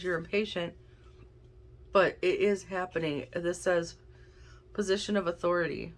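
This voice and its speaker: A woman's voice: on the low side, a little slow, pauses often. A woman giving a casual tarot and oracle card reading, chatting and thinking aloud as she draws cards. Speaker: intuitive card reader.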